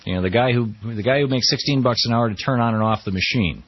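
A man's voice: medium pitch, fast talker, husky, dull audio. A middle-aged man hosting a radio talk show, giving wry, conversational commentary on the news. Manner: wry, conversational, quotes people in mock voices.

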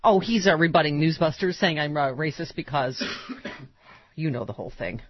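A woman hosting a political talk radio show, bantering fast with lots of restarts and laughs. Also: low-pitched, expressive, dull audio, background noise. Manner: quick, laughing, restarts a lot.

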